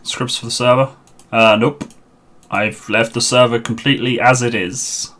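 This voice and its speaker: A man's voice: mid-range voice, fairly even intonation, moderate pace, sharp tone. A man streaming a game live, chatting and muttering to himself on a headset mic while he sorts out a server.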